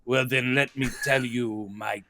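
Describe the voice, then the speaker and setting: A man voicing a boastful old-West gunslinger who tells his tale in a low, slow, hushed drawl. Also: steady tone, creaky.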